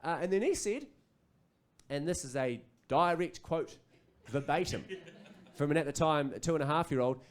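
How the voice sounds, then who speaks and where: A man's voice: on the high side, normal speed, clean tone. New Zealand comedian in his thirties. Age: 30s. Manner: animated, acts out kids and parents. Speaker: stand-up comedian. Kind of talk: stand-up comedy set. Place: comedy club stage.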